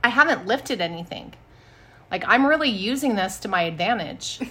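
A woman in her thirties co-hosting a casual podcast chat, telling lively stories and acting out what people said. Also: mid-range voice, moderate pace, slightly rough. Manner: animated storyteller, acts out quotes. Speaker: podcast co-host.

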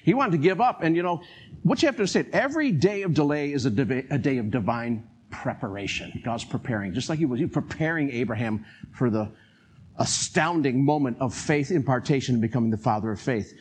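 An older man preaching a sermon in an animated way, acting out quotes and chuckling as he talks. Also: mid-range voice, a little fast, a little hiss or hum.

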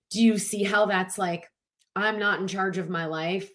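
A woman coach giving a casual, animated motivational talk, acting out little quotes and filling with "like". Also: mid-range voice, unhurried. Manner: animated, chatty, lots of "like" and acted-out quotes. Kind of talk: motivational talk to an online audience.

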